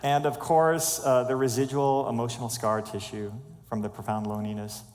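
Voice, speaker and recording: Man, church speaker, measured heartfelt testimony, mid-range voice, reverberant sanctuary. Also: medium pitch, level tone, darkish tone. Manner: earnest and measured, fighting back tears. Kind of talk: personal testimony sermon.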